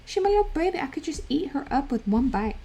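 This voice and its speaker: A woman's voice: high-pitched, sing-song, fast talker, mellow. A woman livestreamer chatting playfully, slipping into doting baby talk and giggling. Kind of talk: casual stream chat.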